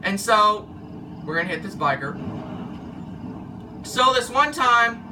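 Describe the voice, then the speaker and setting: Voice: medium pitch, big pitch swings, takes it slowly, distant mic, background noise. A former car wash worker telling a story casually, rambling and losing track of the thread. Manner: rambling, loses track and restarts.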